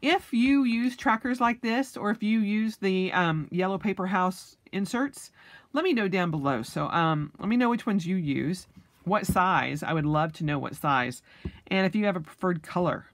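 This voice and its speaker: A woman's voice: on the low side, expressive, moderate pace, no room sound. A young adult woman chatting casually as a vlogger, full of ums and restarts, with the hiccups. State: has the hiccups. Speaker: planner vlogger. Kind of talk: casual flip-through chat.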